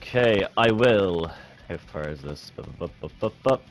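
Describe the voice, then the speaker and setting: Player in an online tabletop game. Very deep, relaxed voice that states his moves plainly, faint music in the background. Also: normal speed. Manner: easygoing, says his moves aloud. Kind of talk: casual tabletop game play.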